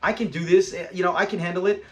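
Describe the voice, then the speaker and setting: A chatty man reviewing an old sitcom episode with enthusiasm, wandering off into side notes. He acts out the characters' lines as he retells them. His voice is high for a man. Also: fairly even intonation, fast talker. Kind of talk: casual chat.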